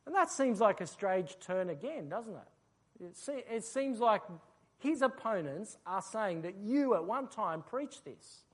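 A preacher giving an expository sermon, explaining a passage and asking rhetorical questions. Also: medium pitch.

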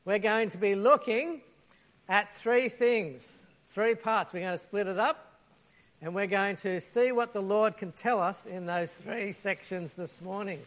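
A high-pitched man preaching a lively sermon. He tells a Bible story with energy, acts out the quotes and picks up props as he goes. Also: measured pace.

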